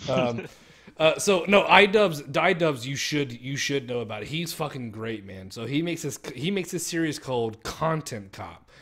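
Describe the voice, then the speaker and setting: A man's voice: medium pitch, lively intonation, normal speed, a bit bright. A young man ranting profanely in casual chat on a stream, mocking others with exaggerated voices. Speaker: streamer co-host.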